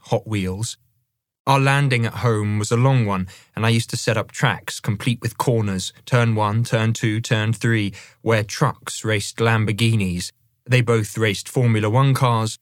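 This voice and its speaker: Man, audiobook narrator, memoir, conversational, measured, slightly low voice, dead dry studio. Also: no echo. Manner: measured, conversational first-person reading.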